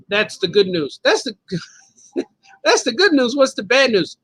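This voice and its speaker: A man's voice: extremely high pitch, big pitch swings, unhurried, long pauses, a bit bright, husky, low-quality recording. A man hosting a live show, chatting casually and rambling from joke to joke, laughing often as he reads viewer comments. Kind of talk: casual live-stream chat.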